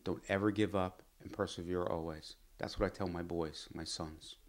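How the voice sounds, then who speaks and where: A middle-aged man, a doctor, telling his life story to the camera in an earnest, measured and reflective way. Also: deep voice, steady tone. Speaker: physician and pharma executive.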